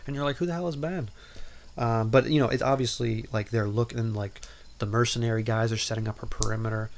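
A man with a low-leaning voice, little pitch movement and a quick pace hosts a podcast, with a little hiss or hum in the recording. He rambles through a casual movie recap, leaning on "like" and "um" and cutting himself off with playful asides.

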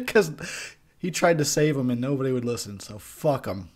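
A man's voice: medium pitch, sing-song, moderate pace, a little mellow. A young man giving a tipsy, profane movie commentary, rambling and laughing at his own jokes. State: tipsy from beer.

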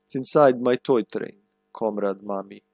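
A man's voice: medium pitch, normal speed, a little mellow, no room sound, clean studio sound, faint music behind, lightly acted. A man putting on a small child, thick Russian accent. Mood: pleading. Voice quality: broken English. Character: small child writing to its mother.

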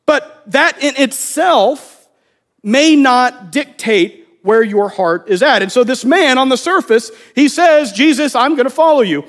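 Guy preaching a sermon, really high voice, chatty, does little voices for quotes. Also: lively intonation, takes it slowly, fairly bright tone. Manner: conversational, acts out quoted voices. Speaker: pastor.

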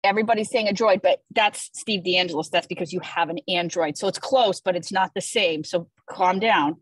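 A playful woman hosting a casual call, with a slightly husky tone that sits on the low side for a woman. The sound is dry and close, with no room around it. She talks with enthusiasm and throws in jokey asides. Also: a little fast, dry recording, rough recording. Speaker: host presenting weekly social media content. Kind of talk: casual chat on a video call.

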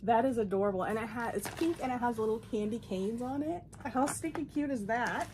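High-voiced gushing woman vlogger. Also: fairly quick, noisy background. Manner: gushing, sentimental, easily moved. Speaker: doll collector vlogger. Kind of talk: casual box-opening vlog.

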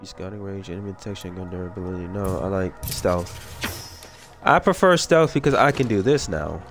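A man's voice: low voice, brisk. Rambling man muttering over game music. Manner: rambling, talks to himself, goofy asides. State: sick with a cold. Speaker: gaming video creator. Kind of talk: casual let's-play commentary.

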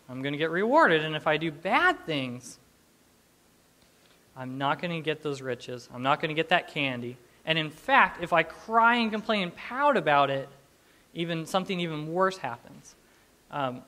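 A man's voice: a little high, bright, forceful tone. A man in his thirties preaching a sermon in a conversational, humorous way, often restarting his sentences. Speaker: pastor.

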